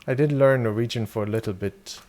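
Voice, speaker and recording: Speaking in a mid-range, slightly mellow voice at a somewhat fast clip, this young German streamer plays a game while casually talking with viewers. He swears offhandedly and responds to questions from chat.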